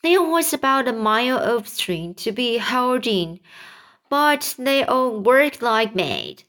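A woman with a fairly high voice reads a children's story aloud at a slow, deliberate pace. She stops to repeat words now and then before carrying on. She lifts her pitch when she speaks the characters' lines. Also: very animated, fairly bright tone. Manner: slow, careful reading with small restarts and repeated words. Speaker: reader. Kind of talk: reading a children's book aloud.

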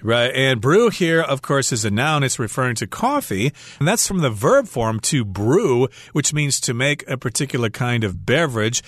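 A man's voice: medium pitch, lively intonation, normal speed, hardly any pauses, a bit bright, no room sound. Man teaching English in a dry studio. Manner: explains phrases with everyday examples. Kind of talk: radio English lesson.

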